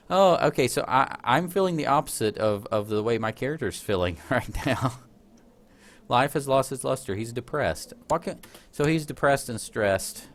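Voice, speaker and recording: A man giving casual, chatty commentary while playing a strategy game, often joking at his own expense. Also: lowish voice. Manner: chatty, self-deprecating, laughs at himself. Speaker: let's play host.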